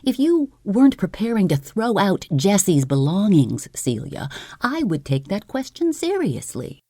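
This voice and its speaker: A woman voicing a stern old male lawyer, cold and measured in his speech. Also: mid-range voice, very animated, dark tone, voice pushed up.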